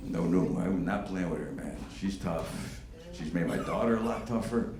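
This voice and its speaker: A man in his fifties doing a stand-up comedy set, with a profane, animated, punchy delivery. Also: low voice, moderate pace, crowd noise. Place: comedy venue on stage. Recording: echoey room with background noise.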